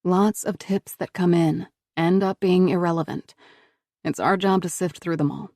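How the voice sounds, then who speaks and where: A woman reading a calm, firm female agent. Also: on the low side, no echo, studio quality. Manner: calm, measured, reassuring.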